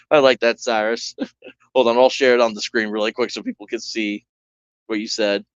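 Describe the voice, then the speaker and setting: Measured and mid-range, this man's clear, resonant voice talks through a solo tabletop game in a chatty, rambling way, with restarts and side remarks. His mic is dull and lo-fi, giving a dry, close recording.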